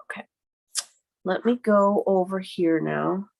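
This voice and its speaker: A woman hosting a live card-making tutorial from her home craft desk, chatty and rambling as she thinks aloud, her voice a little hoarse from a cough. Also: mid-range voice, slow pace, darkish tone. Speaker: card-making livestream host. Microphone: computer webcam mic at her desk.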